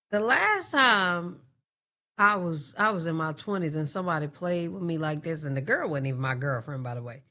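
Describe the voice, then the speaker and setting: A reaction-stream host, a woman, talks in a low, swooping voice full of slang. She tells her own story casually, dropping laughing asides as she goes. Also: animated, normal speed, pushed and bright.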